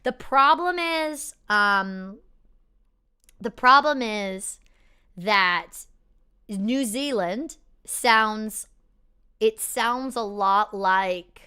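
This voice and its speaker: Woman rambling thru viewer q&a, lots of likes and ums, bright clear voice. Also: medium pitch, extremely slow, pauses often. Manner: rambling, restarts often, lots of fillers; laughs easily. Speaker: performer hosting a live Q&A. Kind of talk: casual chat answering viewer questions.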